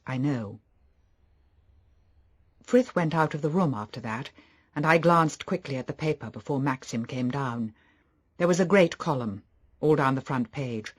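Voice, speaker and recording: A man reading a novel aloud as audiobook narration, steady and even. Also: mid-range voice. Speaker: audiobook reader. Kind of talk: scripted narration.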